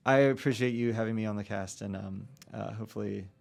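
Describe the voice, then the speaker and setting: A man's voice: fairly low pitch, fast talker, gravelly, darkish tone. A man around forty, a podcast guest talking casually with lots of fillers and restarts. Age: about 40. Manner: rambling, many fillers and restarts. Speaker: guest, real estate broker.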